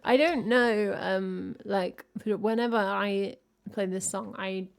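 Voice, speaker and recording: A woman's voice: medium pitch, takes it slowly, gravelly. Woman chatting loosely between songs. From England. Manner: rambling, loose, full of "like" and "I don't know"; teasing viewers in the chat. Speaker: singer-songwriter streamer. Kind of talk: casual chat to viewers between songs on a music livestream.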